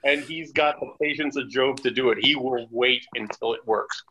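A man's voice: mid-range voice, normal speed, sharp tone, highs cut off, slight background noise. A man telling a long anecdote in casual chat, acting out quotes and laughing often. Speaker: guest storyteller.

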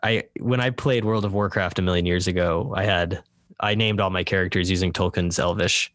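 A man with a lowish voice co-hosts a casual podcast and quizzes his partner on trivia. He talks in an easygoing way, stumbles over fillers and laughs easily. The sound is close and dry. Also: steady tone, a little fast, fairly bright tone, no echo. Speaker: podcast co-host, quizmaster. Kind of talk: casual chat, trivia quiz.

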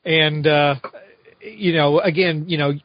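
A man's voice: a little high, fairly even intonation, takes it slowly, dry recording. A man co-hosting a casual podcast, rambling and sarcastic with lots of fillers. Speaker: podcast co-host. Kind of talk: casual chat. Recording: dull lo-fi sound.

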